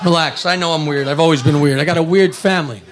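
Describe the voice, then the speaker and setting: A man doing stand-up comedy, firing off crude rapid one-liners and shouting the punchlines. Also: on the high side, soft background music. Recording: very noisy live recording.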